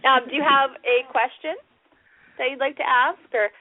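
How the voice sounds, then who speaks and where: A woman's voice: sits high, fairly even intonation, slow pace, a crowd in the background. Friendly woman radio host on phone. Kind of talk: call-in radio hosting. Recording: tinny phone line.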